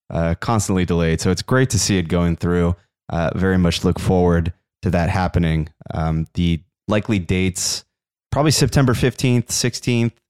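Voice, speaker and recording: A male podcast host reading through the news alone in a mildly monotone, self-aware way, at a close mic. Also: low voice, clean tone, no echo. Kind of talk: solo news rundown podcast.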